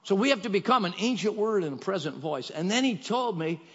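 A man's voice: high-pitched, expressive, brisk, a bit bright, breathy edge. A man preaching a sermon in a church sanctuary, talking in an emphatic, repetitive, exhorting way. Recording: dull echoey church hall.

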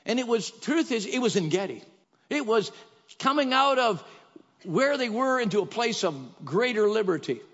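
A man's voice: very high voice, expressive, normal speed, a bit bright. A man preaching a sermon in a church sanctuary, talking in an emphatic, repetitive, exhorting way. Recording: dull echoey church hall.

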